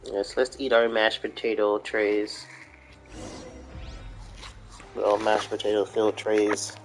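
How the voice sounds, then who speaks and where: A man's voice: lowish voice, completely flat delivery, normal speed, soft background music, rough recording. A tired man giving casual, mumbling commentary while playing a game, with wry asides. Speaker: game streamer.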